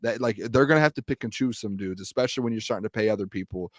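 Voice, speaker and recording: Host guy talking fast, mid voice, dry close mic, chill sports chat. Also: fairly low pitch, no room sound. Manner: quick, loose talker using fillers. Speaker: podcast host. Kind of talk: casual sports talk.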